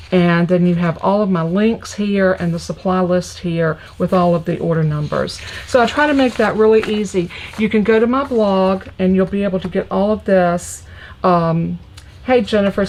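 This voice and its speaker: A woman's voice: mid-range voice, a little mellow, poor audio. A woman hosting a live crafting tutorial, chatty and gushing, greeting viewers as she shows her supplies. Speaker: crafting host.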